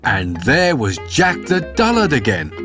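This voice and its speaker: Man narrating a fairy tale, very lively pitch, soft music underneath. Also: a little slow. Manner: expressive storytelling.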